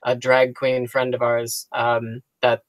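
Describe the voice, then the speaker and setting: A man talks casually about his acting work and jokes in a dry, deadpan way. His voice sits in a middle range and sounds dry and close. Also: medium pitch, slow pace, no room sound, low-quality recording. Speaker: actor guest. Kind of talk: casual interview chat.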